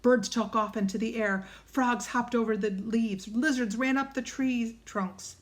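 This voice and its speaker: A woman reading a children's storybook aloud, hushed in quiet passages. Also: fairly high pitch, fairly even intonation, a little slow. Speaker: audiobook narrator.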